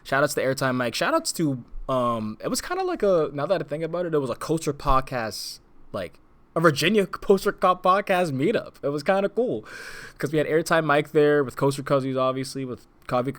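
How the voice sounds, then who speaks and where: A man's voice: a little high, sing-song, fairly quick, a bit bright. A young man co-hosting a casual podcast, rambling with lots of fillers, restarts and laughs. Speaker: podcast co-host. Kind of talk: casual chat.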